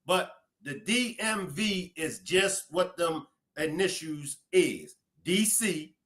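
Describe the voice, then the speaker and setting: Baltimore-accented man, stream host, chatty shout-outs, slightly high voice. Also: animated, slow. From Baltimore, USA. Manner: chatty, greeting viewers by place.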